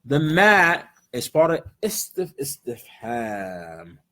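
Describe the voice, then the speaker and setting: Taking things slowly, an American Arabic teacher patiently explains a lesson to an in-person class, alternating English and Arabic words and checking in repeatedly with "right?" His medium-pitched voice has a sharp tone and big pitch swings.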